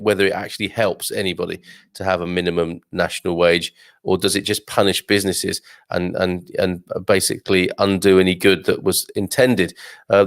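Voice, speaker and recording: A man from Birmingham, England, hosting a casual news chat for expats and reading out viewer comments with wry, exclamatory asides. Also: lowish voice. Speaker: host of an expat news show.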